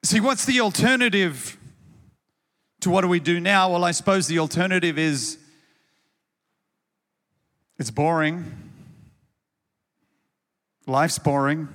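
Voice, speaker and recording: A man's voice: high-pitched, takes it slowly, long pauses, fairly bright tone, long reverb tail. A man preaching a sermon as pastor, in a conversational way that often repeats words as he starts a thought.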